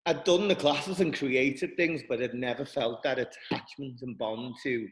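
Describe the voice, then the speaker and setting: Earnest guy, lots of restarts, talking in a big echoey space. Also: medium pitch. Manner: earnest, halting, many restarts. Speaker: guest, dance school director. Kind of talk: reflective interview talk.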